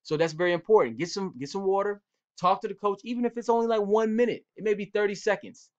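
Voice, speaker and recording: A man who coaches football talks casually and in slang to young players, acting out sideline exchanges as he tells stories. His voice sits a little high for a man. The recording is dull and lo-fi. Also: steady tone, quick pace. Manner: laid-back, slangy, storytelling with quoted exchanges. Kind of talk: casual instructional talk.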